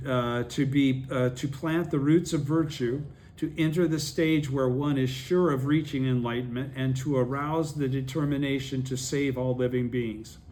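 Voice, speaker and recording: A man's voice: fairly high pitch, darkish tone. A man leading a study group, reading a text aloud and explaining it, often checking that his listeners follow.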